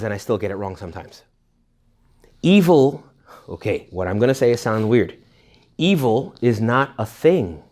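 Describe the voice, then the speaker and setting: Priest guy doing a retreat talk, chatty and animated, keeps asking the room questions, mid pitch. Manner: animated and conversational, jumping between questions, jokes and asides; rhetorical questions directed at the audience. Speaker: Catholic priest leading a retreat. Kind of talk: informal retreat talk to young adults.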